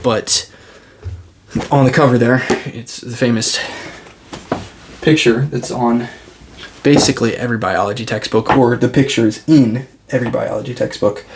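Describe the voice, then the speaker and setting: A man's voice: mid-range voice, slight background noise. A young man vlogging, musing aloud in a rambling way with many restarts and fillers. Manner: rambling, restarts, lots of "like" and "I mean". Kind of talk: casual talking-head monologue.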